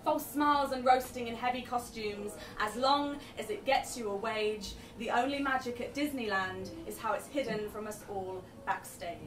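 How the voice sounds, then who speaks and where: A woman's voice: a little high, moderate pace, hardly any pauses. A young woman performing spoken word poetry live, with wry, self-deprecating chatter between poems. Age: young adult. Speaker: poet. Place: live event venue. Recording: echoey room, distant mic, venue noise.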